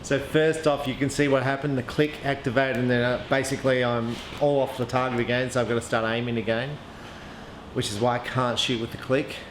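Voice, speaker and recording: A man's voice: mid-range voice, level tone, fairly quick. A man casually reviewing archery gear, thinking aloud with frequent ums and restarts. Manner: chatty, hesitant, lots of ums and restarts. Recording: echoey room with faint ambient noise.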